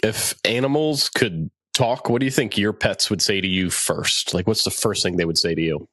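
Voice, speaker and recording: Young man, podcast co-host, low voice, laid-back, rambling, dry close sound. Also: moderate pace, pushed and bright, no room sound. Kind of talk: casual chat.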